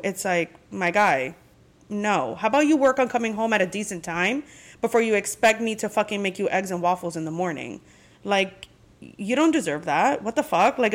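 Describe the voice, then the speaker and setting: A woman hosting her podcast in a casual chat, talking candidly and venting with frequent swearing. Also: medium pitch. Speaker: podcast host.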